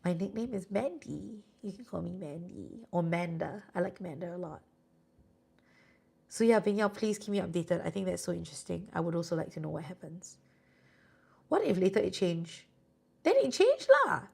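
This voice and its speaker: Singaporean woman, tarot-reading streamer; chatty and reassuring, gravelly edge. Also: on the low side, moderate pace, warm tone. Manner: chatty, reassuring, sprinkles "lah". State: sleepy, yawning. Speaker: tarot reader and live streamer. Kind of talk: casual live-stream chat with viewers.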